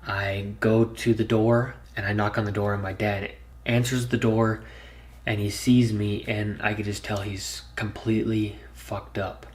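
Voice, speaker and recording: A man's voice: fairly low pitch, little pitch movement, unhurried. A man telling a personal story in a storytime vlog, earnest and candid, plain spoken and swearing freely. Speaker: YouTuber.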